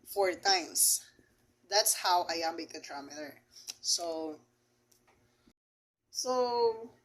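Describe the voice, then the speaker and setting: A young woman walks a class through poetic meter at an unhurried pace. She hesitates and restarts now and then, and her voice sits at a middle pitch. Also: a bit bright, rough recording. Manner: slow, hesitant explaining with fillers and restarts. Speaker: student presenter. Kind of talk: class presentation on poetry.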